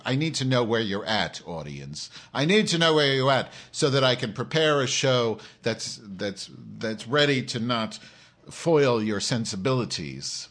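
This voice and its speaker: A male live-streamer rants at his chat, swearing freely and cutting in with sarcasm. His pitch swings widely, from low grumbles to high, mocking outbursts. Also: a bit bright. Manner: profane, sarcastic, combative with viewers.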